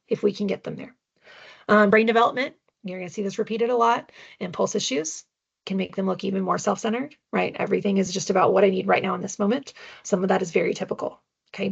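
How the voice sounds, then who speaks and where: A woman's voice: mid-range voice, creaky, breathy edge, muffled recording. A woman presenting a parenting webinar with slides, talking conversationally and often checking in with tag questions. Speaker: adoption parenting educator.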